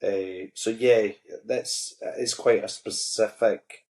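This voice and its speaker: A Scottish man, an actor guest, chatting in a relaxed way and telling stories with humor. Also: lowish voice, slow, echoey room. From Scotland. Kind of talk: casual interview chat.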